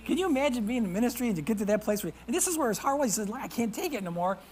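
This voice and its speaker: A man preaching a sermon as pastor. He reads scripture aloud, calls out to the congregation for responses, and swings from hushed whispers to loud emphasis. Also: extremely high pitch, expressive, very fast, few pauses, slightly rough, rough recording. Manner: reads scripture in old-fashioned wording.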